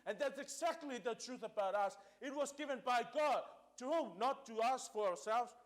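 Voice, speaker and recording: A man preaching from the pulpit, his voice sitting high for a man. He hammers his points home with emphatic repetition and moves back and forth between two languages. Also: moderate pace. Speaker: pastor. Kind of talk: sermon.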